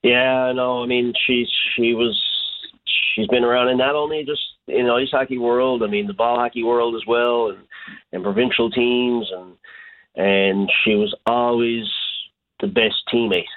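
A man's voice: medium pitch, fairly even intonation. A man, a hockey coach, speaking in a phone interview, hesitant and full of restarts. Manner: halting, many restarts and fillers. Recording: tinny phone line.

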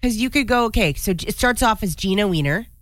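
A woman's voice: medium pitch, animated, fairly quick, fairly bright tone, no room sound. A woman co-hosting a radio show in casual chat, upbeat and chatty as she reads out listener texts.

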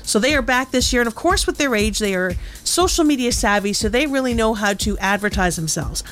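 A woman's voice: fairly high pitch, expressive, fairly quick, a bit bright. A woman hosting radio, chatting in an upbeat, enthusiastic way, with faint music behind her. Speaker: radio host. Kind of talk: casual radio chat.

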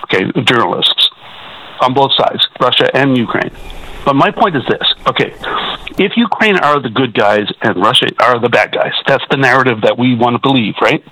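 Canadian guy calling a radio show, all fired up, stumbles and repeats himself, sharp bright voice. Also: medium pitch, animated, normal speed, poor audio. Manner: agitated, repetitive, stumbling restarts. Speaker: caller. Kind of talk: call-in radio talk.

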